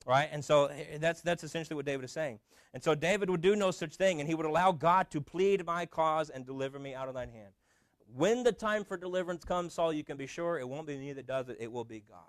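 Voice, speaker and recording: Pastor, male, sermon delivery, slightly high voice, dry close sound, chatty with many ums. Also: quick pace, dry recording. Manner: conversational preaching with frequent fillers and restarts.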